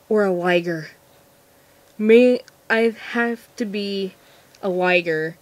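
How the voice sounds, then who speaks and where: A woman's voice: medium pitch, no room sound. A seventeen-year-old girl answering viewer questions in a casual vlog, nervous and giggly, rambling with lots of restarts. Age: teens. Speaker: vlogger.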